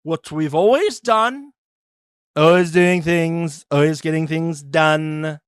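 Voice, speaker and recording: A man's voice: slow pace, clear, resonant tone, no room sound. A man co-hosting a podcast, chatting casually and animatedly, swearing and mimicking others. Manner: animated, swears, mimics people in high voices. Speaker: podcast co-host. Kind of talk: casual recap chat.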